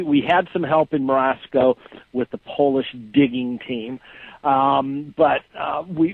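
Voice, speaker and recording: A man calling in to an interview, answering slowly with many hesitations. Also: mid-range voice. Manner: hesitant, many fillers and restarts. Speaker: guest calling in. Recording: tinny phone line.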